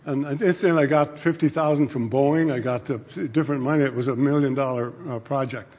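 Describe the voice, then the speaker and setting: A man's voice: medium pitch, normal speed. A man giving a storytelling talk to an audience, acting out the dialogue of his anecdotes. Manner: animated, acts out quoted dialogue. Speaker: speaker telling a story to an audience. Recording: long reverb from a large hall.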